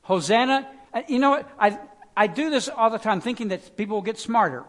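A man preaching a sermon, alternating loud pleading phrases with quiet, low emphasis, in a conversational way with fillers and restarts. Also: animated, a little fast. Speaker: pastor.

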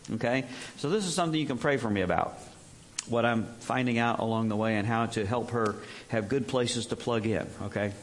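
A man's voice: mid-range voice, fairly quick, a little hiss or hum. A male preacher giving a conversational Bible teaching and telling the story with animation, acting out the quotes.

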